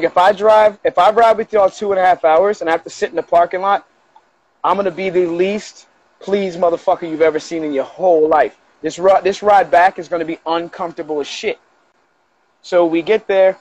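A middle-aged man telling a story as a podcast guest, casual and animated, acting out other people's lines as he goes. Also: high voice, fairly quick, poor audio. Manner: animated, acts out quoted dialogue with profanity.

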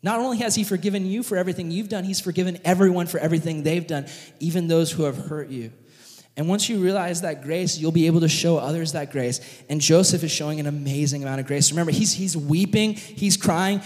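Man preacher, high voice, animated storyteller, big hall reverb. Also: fairly quick. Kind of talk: sermon storytelling. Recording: long reverb of a large hall.

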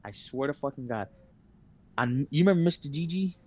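A young man co-hosting a podcast rambles through long stories in casual chat, packed with fillers and heavy swearing. His mid-range voice is expressive, fairly quick, and a little mellow.

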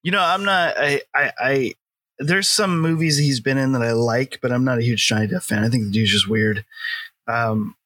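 A man's voice: medium pitch, normal speed, fairly bright tone. Rambling middle-aged man reviewing films. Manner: rambling, filler-heavy, laughs often. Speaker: podcast co-host. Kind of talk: casual film review chat.

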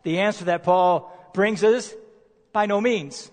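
A male preacher delivering a sermon, emphatic, posing rhetorical questions and slowing down to stress key words. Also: high-pitched. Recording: long reverb of a large hall.

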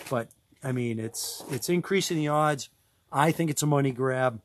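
A man's voice: medium pitch, normal speed. A man co-hosting a casual podcast chat, talking loosely with many restarts and frequent laughter. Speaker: podcast co-host.

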